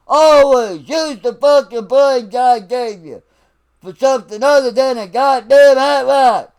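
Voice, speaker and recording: A man barks out a profane political rant in a drill-sergeant style, his voice pushed very high and rough with gravel. He drives every word home slowly, yet the tone stays resonant and full. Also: a little mellow. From United States. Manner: slow, emphatic, lecturing. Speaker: vlogger.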